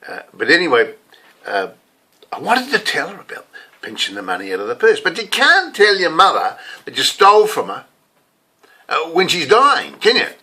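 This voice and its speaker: Animated older New Zealand man preaching. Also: sits high, normal speed, vocal fry, husky. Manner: rambling, conversational, confessional. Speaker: lay preacher. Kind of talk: casual sermon storytelling.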